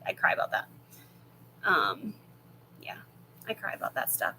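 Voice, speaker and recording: A chatty woman in her thirties answers viewer questions from home in a rambling, easygoing way. Her voice is bright and forward, picked up by a laptop, with a faint hum behind her. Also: deep voice, very animated, unhurried, poor audio. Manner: chatty and rambling, many fillers and laughs. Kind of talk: casual live chat.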